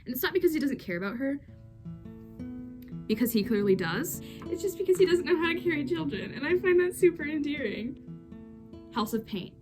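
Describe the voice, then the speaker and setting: A woman gushing through a casual comic recap, full of slang and quick asides. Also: sits high, very animated. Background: game soundtrack music.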